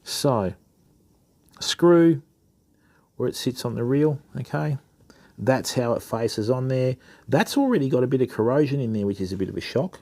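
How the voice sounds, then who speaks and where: A man's voice: medium pitch, lively intonation, normal speed, long pauses, warm tone. A middle-aged man from Western Australia with an Australian accent, chatting casually to live-stream viewers while servicing fishing reels. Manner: casual, matey, chats to viewers while working. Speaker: fishing channel host. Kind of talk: live-stream reel maintenance demo.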